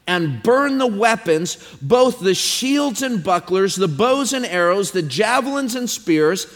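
High-pitched guy preaching, stretches words out, big echoey church sound. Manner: emphatic, drawn-out preaching with repeated phrases. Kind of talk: sermon with scripture reading. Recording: long hall reverb.

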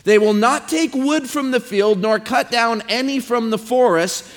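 Male preacher, high voice, emphatic sermon delivery, long hall reverb. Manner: emphatic, drawn-out preaching with repeated phrases. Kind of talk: sermon with scripture reading.

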